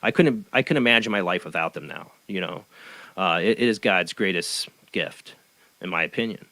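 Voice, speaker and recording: A man's voice: sits low, moderate pace, bright, forceful tone, no echo, rough recording. A middle-aged man hosting a podcast interview, talking earnestly with many stammered restarts. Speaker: podcast host. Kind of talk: casual conversational interview.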